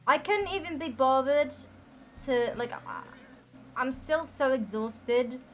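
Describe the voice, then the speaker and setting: A woman's voice: sits high, animated, slow. A young woman streaming and role-playing a game, chatting casually in a put-on Southern US accent, rambling and filling her talk with "like" and restarts.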